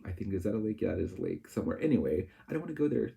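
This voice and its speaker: A man's voice: on the low side, big pitch swings, very fast, gravelly, dark tone. A man in his thirties chatting casually and rambling, jittery from coffee. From Nebraska. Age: 30s. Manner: rambling and chatty, with lots of fillers. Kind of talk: casual vlog chat.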